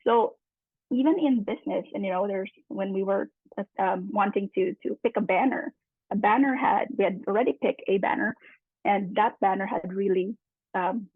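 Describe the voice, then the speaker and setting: A woman speaking on a panel, talking haltingly with many restarts. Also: medium pitch, husky, dry recording. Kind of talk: panel discussion. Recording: dry, tinny phone-like line.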